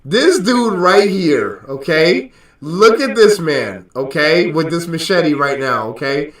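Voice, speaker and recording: A man hosting a trading show, joking and teasing in a lively, animated way, repeating himself as he talks. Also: a little high, slow, echoey room, distant mic. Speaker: host of a stock trading show. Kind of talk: casual joking livestream banter.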